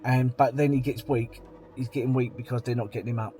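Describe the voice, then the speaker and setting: A man's voice: medium pitch, steady tone, brisk, warm tone, faint music behind. Blunt, rambling man. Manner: rambling, blunt and plain-spoken. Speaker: vlogger. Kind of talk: casual vlog monologue.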